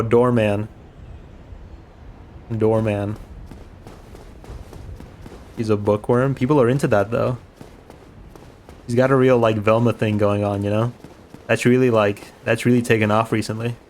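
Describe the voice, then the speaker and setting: A man's voice: medium pitch, little pitch movement, moderate pace, long pauses, darkish tone, slight background noise. A man streaming a game, giving rambling, chatty commentary and swearing casually.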